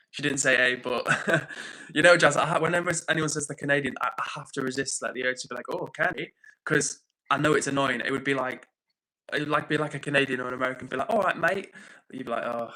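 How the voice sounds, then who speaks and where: A man's voice: medium pitch, sharp tone, low-quality recording. Upbeat British man hosting a livestream. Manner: upbeat and chatty, thanking viewers and reading comments aloud. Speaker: livestream host. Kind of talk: casual chat reading out live comments.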